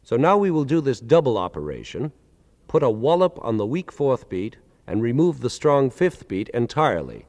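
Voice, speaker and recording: Lively-voiced man lecturing in a reverberant hall. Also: medium pitch, normal speed. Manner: articulate, counts beats aloud with strong accents. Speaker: lecturer presenting with a band. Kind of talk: explanatory lecture with spoken demonstrations.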